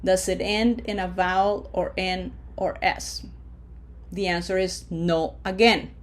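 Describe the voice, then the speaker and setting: A Spanish teacher, a woman, leads a recorded online language lesson, patiently going through the rules one step at a time and slowing down to model words. Her voice sits on the low side with fairly even intonation.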